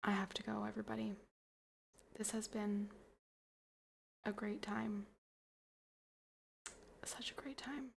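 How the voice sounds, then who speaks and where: A tipsy young woman hosting a livestream, chatting in a rambling, playful way that trails into soft mumbles. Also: medium pitch, steady tone, slow pace, creaky, pauses often, a little hiss or hum. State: tipsy from wine. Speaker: livestream host. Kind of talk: casual chat to stream viewers.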